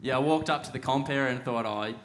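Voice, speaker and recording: A man's voice: medium pitch, fast talker, slight background noise. A young Australian man, a surfer guest, telling stories in a laid-back way with frequent laughs. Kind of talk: casual podcast chat.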